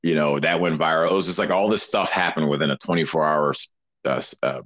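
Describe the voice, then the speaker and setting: A man, a guest, telling a story in casual interview talk, animated and rambling with many restarts. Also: a bass voice, fast.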